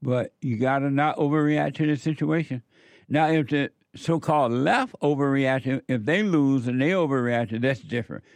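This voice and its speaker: A man's voice: medium pitch, moderate pace, no room sound. A man delivering an opinion monologue, repeating his warnings with heavy emphasis. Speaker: political commentator.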